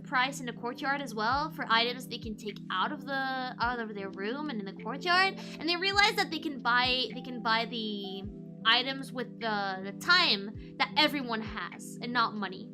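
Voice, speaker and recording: A woman's voice: high-pitched, animated, moderate pace, over music. A woman streamer casually recapping a show in a chatty, rambling way.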